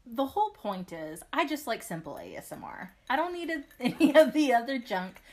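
Female podcast co-host, bright lively pitch, teasing, quick to laugh. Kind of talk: casual chat.

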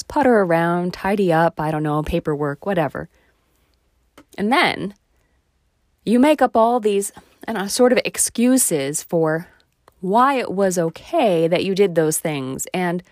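A woman's voice: mid-range voice, darkish tone, dry recording, studio quality. A woman talking straight to her viewers in a reflective monologue, asking rhetorical questions and poking fun at herself. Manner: self-deprecating, asks the listener rhetorical questions.

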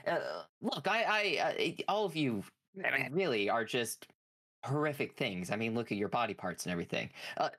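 A man's voice: mid-range voice, sing-song, moderate pace, a bit bright, voice pushed down. A man voicing a flustered female mad scientist who stammers through fillers and apologies. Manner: stammering, nervous, full of fillers.

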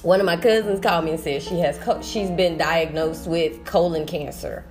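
A woman's voice: fairly low pitch, fairly even intonation, normal speed, faint music behind. A woman teacher talking through a personal vlog monologue, emotional and rambling, restarting her sentences often. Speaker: sixth-grade teacher.

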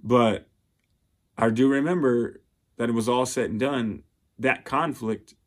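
A man's voice: mid-range voice, a little slow. Earnest male speaker, heartfelt advice-style monologue. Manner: earnest and heartfelt, many restarts and fillers. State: getting emotional. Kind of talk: personal motivational monologue.

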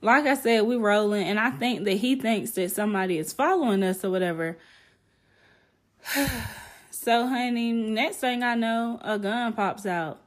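A young woman hosting a podcast, telling a wild personal story in a casual, animated way, swearing freely and calling listeners honey. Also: on the high side, a little slow. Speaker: podcast host.

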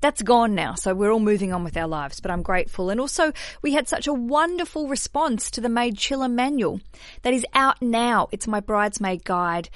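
A woman's voice: fairly high pitch, moderate pace, dry recording. A woman hosts a casual podcast, talking in a chatty, self-mocking way that drifts into asides. Her voice is close and dry, with no room sound behind it. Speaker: podcast host. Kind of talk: casual podcast chat and sign-off.

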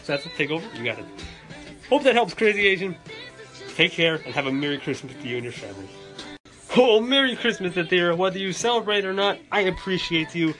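A cheerful man in a Santa persona runs a holiday shout-out segment, his pitch bouncing up and down. Faint music hums behind him. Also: expressive, fairly quick. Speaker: podcast host in a Santa persona.

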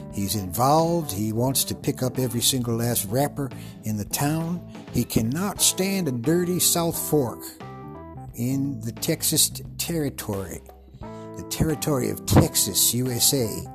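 A man putting on a rambling Old West showman. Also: medium pitch. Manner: rambling, self-promoting, talks about himself in the third person.

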